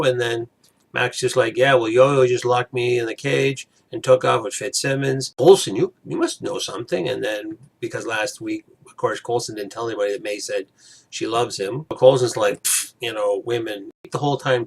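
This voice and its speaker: A man's voice: medium pitch, gravelly. A man giving a rambling, casual spoken recap of a TV episode, briefly acting out the characters' lines. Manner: rambling, acts out characters' lines in quick impressions. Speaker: TV episode reviewer.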